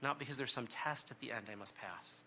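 A middle-aged man giving an earnest, conversational sermon talk, often pausing with "um" and "right?". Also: medium pitch, sharp tone, slight background noise. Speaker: speaker on prayer.

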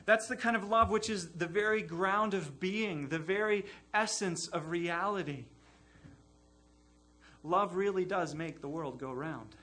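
A man's voice: high-pitched, a little slow, pushed and bright. A man preaching a sermon in an earnest, emphatic way, building his points through repeated phrases. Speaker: pastor.

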